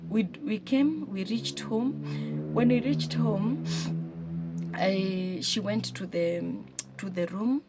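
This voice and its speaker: A woman's voice: mid-range voice, slow. A Kenyan woman vlogging as a single mother, retelling a hard family day in an earnest, emotional way and often restarting her sentences. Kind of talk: personal storytelling to camera.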